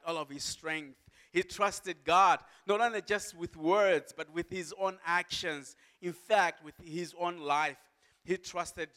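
Male pastor, earnest emphatic sermon delivery, slightly higher-pitched voice. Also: pushed and bright, clear, resonant tone. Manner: earnest, slow emphatic preaching with rising cries.

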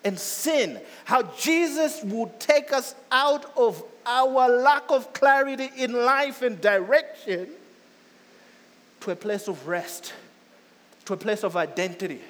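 A man preaching a sermon, emphatic and repetitive, swelling loud then dropping soft. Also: high-pitched, unhurried. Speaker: pastor. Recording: long hall reverb.

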